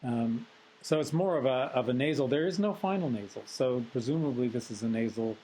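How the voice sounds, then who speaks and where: A man teaching a recorded software tutorial lecture, methodical and explanatory with frequent ums. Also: medium pitch, expressive, fairly quick, husky, poor audio. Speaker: instructor.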